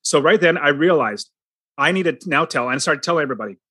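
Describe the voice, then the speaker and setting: Earnest storytelling man, slightly high voice. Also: expressive, fast talker, pushed and bright, slightly rough, no echo. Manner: earnest, dramatic storyteller who acts out quoted lines. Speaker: guest telling his story. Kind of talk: personal storytelling.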